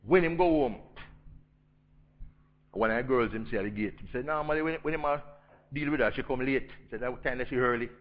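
A man with a Jamaican accent preaching a storytelling sermon, swinging between loud emphasis and hushed intensity. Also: mid-range voice, brisk, pauses often, lo-fi sound.

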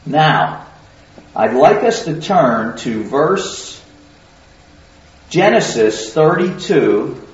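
A man's voice: mid-range voice, big pitch swings, very slow, pauses often. A man preaching a sermon in a conversational, teaching way, often putting questions to his listeners. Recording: very echoey hall, distant mic, dull sound.

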